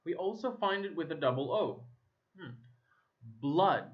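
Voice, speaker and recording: A man from Egypt, a native Arabic speaker, teaching English pronunciation. He repeats single words slowly to contrast vowel sounds. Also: fairly high pitch, lively intonation. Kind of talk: slow drilling of vowel sounds, repeat-after-me. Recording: slightly dull lo-fi sound.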